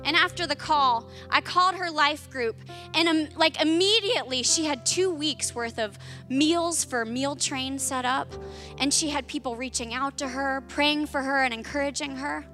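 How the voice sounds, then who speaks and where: High bright-voiced woman preaching. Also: normal speed, faint music behind. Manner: storytelling, rising to impassioned emphasis. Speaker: pastor. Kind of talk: sermon.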